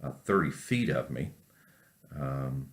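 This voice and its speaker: A professor from North Carolina gives a recorded class lecture, telling an unhurried story packed with fillers. His voice is a rumbling low one, and he delivers it in an animated way.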